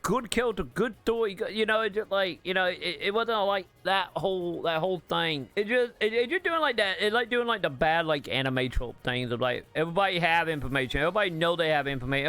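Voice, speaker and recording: A man's voice: high voice, fairly bright tone. A man hosting a gaming channel, ranting casually about a game's story, rambling with fillers and restarts and swearing bluntly when exasperated.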